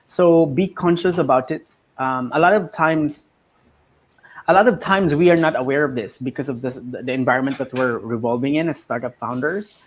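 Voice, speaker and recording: A man's voice: medium pitch, normal speed. A man in his thirties hosting a casual interview, sharing reflective advice and often repeating his words as he thinks. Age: 30s. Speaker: host.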